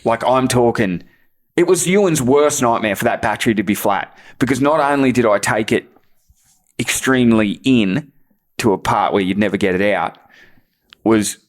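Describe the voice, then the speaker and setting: A man's voice: mid-range voice, moderate pace. Swearing man telling stories. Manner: swears a lot, laughing at his own prank story. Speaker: guest, bodyboarder. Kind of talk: casual storytelling.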